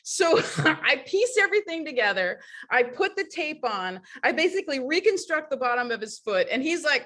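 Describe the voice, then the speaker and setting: A woman guest telling lively, laughing stories about foot care over a video call. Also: sits high, moderate pace, few pauses. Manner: lively, laughing, animated storyteller. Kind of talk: casual storytelling on a video call.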